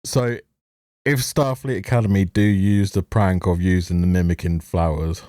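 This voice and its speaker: Brief: male reviewer, mellow darker tone, profane, mocking rant commentary. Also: sits low, steady tone, normal speed, dry recording, studio quality. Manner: sarcastic, heavily profane, mocking laughs. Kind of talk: ranting commentary over a show.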